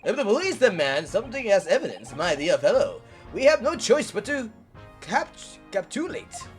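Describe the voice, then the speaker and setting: Guy putting on a posh pompous detective voice, fairly high. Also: sing-song, moderate pace, faint music behind. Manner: pompous, genteel phrasing.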